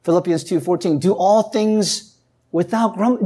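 A woman preaching a sermon who reads scripture aloud and asks the listeners questions. She climbs to emphatic peaks, then drops low and quiet. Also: moderate pace, slightly rough.

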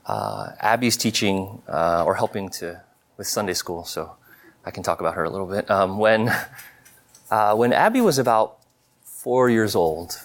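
A man in his thirties telling a personal testimony in a sermon, earnest and confessional, halting with many fillers and restarts. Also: fairly low pitch, animated. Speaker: preacher.

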